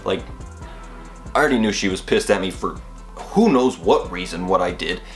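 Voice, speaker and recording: Young male vlogger, lower voice, chatty and animated storyteller. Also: normal speed, faint music behind. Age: young adult. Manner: rambling and animated, heavy on filler "like". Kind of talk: casual storytelling vlog.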